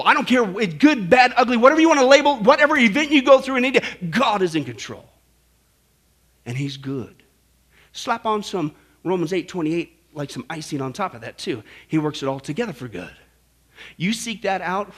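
A pastor preaching a sermon in a jokey, emphatic way, rising to loud exhortations. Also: male voice, high voice, lively intonation, brisk, slightly rough.

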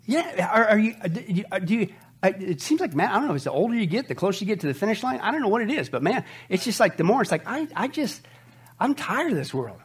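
A man preaching with a high, lively voice that swoops up and down. He is a middle-aged pastor, animated, full of rhetorical questions and quick jokes. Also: husky. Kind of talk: sermon.

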